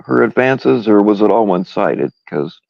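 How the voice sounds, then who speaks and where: A man co-hosting a live stream, joking in casual banter with halting restarts. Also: fairly low pitch, animated, gravelly, no echo, dull audio.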